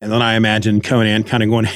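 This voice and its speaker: A man's voice: on the high side, a bit bright, no room sound. A man hosting a comic book podcast, chatty and enthusiastic, on a close microphone. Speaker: podcast host.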